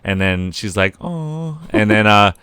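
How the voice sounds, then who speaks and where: A man's voice: lowish voice, moderate pace, smooth, dry recording, studio quality. A young man co-hosting a casual podcast, recapping scenes with lots of swearing and acted-out quotes. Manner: animated, swears a lot, acts out scenes. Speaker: podcast co-host. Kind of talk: casual chat.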